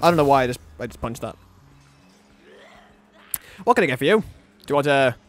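A young man giving let's play commentary on a game, excitable and rambling, often talking sarcastically to the characters on screen. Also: medium pitch, fairly quick. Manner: rambling with frequent restarts. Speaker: gaming channel host.

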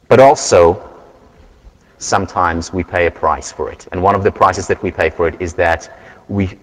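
Man, university lecture, low voice, measured storytelling, long hall reverb.

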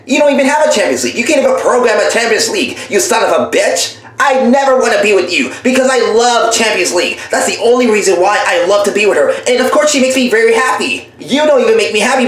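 A woman's voice: a little high, close to an everyday voice. A woman playing a smug young boyfriend in a comedy voiceover skit, taunting and dismissive as he breaks up with his girlfriend. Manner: taunting, dismissive, repeats a catchphrase. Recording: very echoey room.

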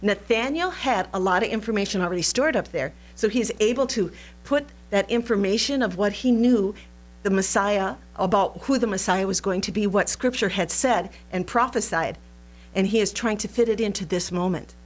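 Animated woman teaching a Bible lesson. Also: medium pitch, normal speed. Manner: animated, playful, laughs often. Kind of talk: recorded Bible study lesson.

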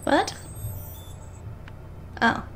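A woman's voice: extremely slow, fairly bright tone, slight background noise. A woman hosting a let's-play of a video game, frustrated and swearing constantly as she plays. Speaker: gaming channel host.

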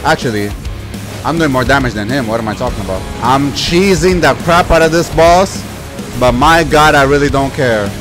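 A young man giving live gameplay commentary, exasperated and yelling at the game, with mild cursing. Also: mid-range voice, moderate pace, over music. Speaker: gaming YouTuber.

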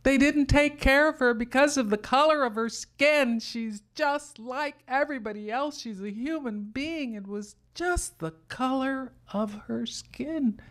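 A grief-stricken young girl cries out, high and insistent, as a woman storyteller puts her on. Her voice jumps well above the teller's own, with a pleading and stubborn manner. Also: measured pace, hardly any pauses. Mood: indignant.

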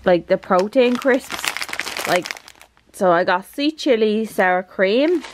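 A woman with an Irish accent vlogging an unboxing at home, rambling and gushing with excitement. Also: medium pitch, slight background noise. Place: her apartment.

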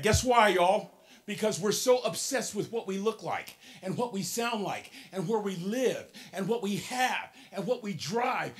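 A man in his sixties giving a motivational keynote to young people, preaching to the crowd, calling out to them and swinging between soft and shouted lines. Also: high-pitched. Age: 60s.

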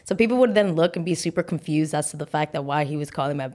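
A young woman hosting a podcast, telling a personal story in a chatty, animated way with lots of fillers and restarts. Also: sits low, fast talker, hardly any pauses, slight background noise. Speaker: podcast host. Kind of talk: casual storytelling.

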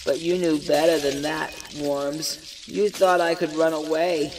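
An actor playing a husband unraveling with fear in a radio horror drama, talking frantically and then hollow and defeated. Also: male voice, sits high, noisy background. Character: husband driven mad with fear, adult man.

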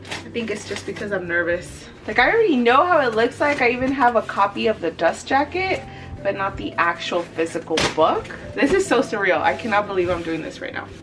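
A young woman author talking casually to her camera, warm and chatty, with bursts of gushing excitement and breathy gasps. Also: mid-range voice, fairly quick, background noise. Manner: gushing and breathless, many gasps and nervous laughs. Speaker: author and book vlogger. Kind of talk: casual vlog talk to camera.

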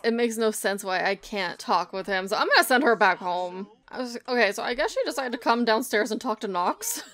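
A woman's voice: medium pitch, a bit bright. A woman giving casual, chatty commentary over her own gameplay, thinking aloud and laughing often. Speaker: gameplay video creator.

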